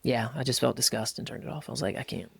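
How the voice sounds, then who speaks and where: A man's voice: mid-range voice, steady tone, fast talker, vocal fry, slightly rough, dry recording, studio quality. An American man co-hosting a casual podcast, talking bluntly and energetically, often mimicking other voices. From United States. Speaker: podcast co-host.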